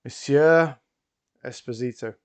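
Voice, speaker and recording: A man's voice: medium pitch, takes it slowly, clean tone, pitched above the performer's own voice. A man playing a grandiose stage hypnotist. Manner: theatrical announcer voice, rising and loud. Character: showy male stage hypnotist, grand and smooth.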